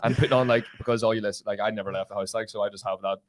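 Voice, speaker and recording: A man's voice: lowish voice, steady tone, racing, no echo. A young man, a YouTuber guest chatting casually and mocking himself. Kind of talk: casual chat.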